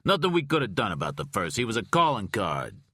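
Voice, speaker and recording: A man's voice: lowish voice, huge pitch swings, a little fast, sharp tone, slightly rough, dry recording, clean studio sound, pitched above the performer's own voice, heavily acted. A man voicing a blunt, defensive male police detective in an audiobook.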